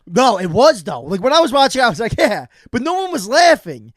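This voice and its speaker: A man's voice: extremely high pitch, sing-song, a little fast, fairly bright tone, no echo, clean studio sound. A young man hosting a casual podcast chat, giving short reactions and laughing along. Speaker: podcast host.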